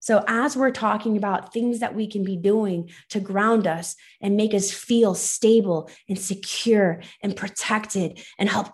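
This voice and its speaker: A woman podcast host introducing a topic in a measured, earnest way, speaking straight to her listeners. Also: medium pitch, a little mellow.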